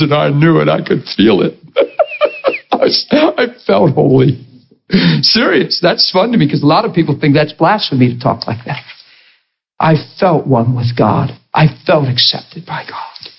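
Passionate preacher man, husky voice. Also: expressive, normal speed, lo-fi sound. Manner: passionate storytelling, voice swinging between high and low. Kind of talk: sermon.

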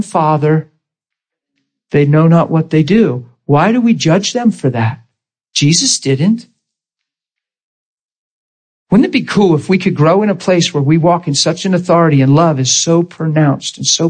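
Male preacher, slightly high and husky, storytelling sermon style. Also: a little mellow. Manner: storytelling, quoting both sides of conversations. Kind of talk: sermon with acted-out stories.

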